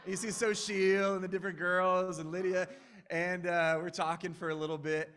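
A man's voice: high-pitched, level tone, normal speed, a bit bright, smooth. A man preaching a conversational, earnest sermon as a pastor, with frequent restarts.

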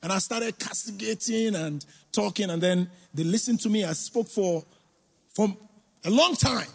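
This middle-aged churchgoer's voice is high-pitched, gravelly and breathy as he tells his testimony at normal speed. He reflects earnestly before the congregation, leaning on repetition for emphasis.

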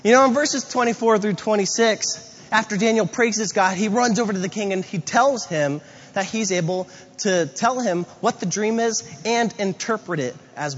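A man with a fairly high voice preaches a sermon, slipping into animated acted-out asides as he tells his stories. He is recorded in a big reverberant hall, and the sound is dull and muffled. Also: breathy edge. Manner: storytelling with animated quoted asides. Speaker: pastor.

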